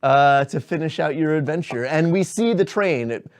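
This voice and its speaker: Relaxed man as game master. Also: on the high side, normal speed, few pauses, smooth. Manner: relaxed, filler-heavy. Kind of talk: narrating a tabletop game.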